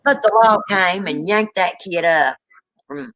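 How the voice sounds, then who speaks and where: A woman co-hosting a livestream in casual chat, telling a long story and jumping up in pitch when she quotes people. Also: unhurried, highs cut off. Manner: animated storyteller, rises high when quoting. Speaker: livestream co-host.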